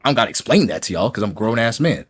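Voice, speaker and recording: A man's voice: on the low side, big pitch swings, racing, breathy edge, soft background music. A man ranting on his gaming channel in a mocking, combative way as he reacts to a critic's clip. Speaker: YouTube gaming commentator. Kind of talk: reaction rant.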